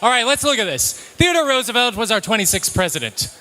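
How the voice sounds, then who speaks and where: Man, very high voice, comedic live talk, playful punchy delivery. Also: sing-song, moderate pace, pushed and bright. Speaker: presenter at a live talk night. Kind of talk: comedic slide presentation to a live audience.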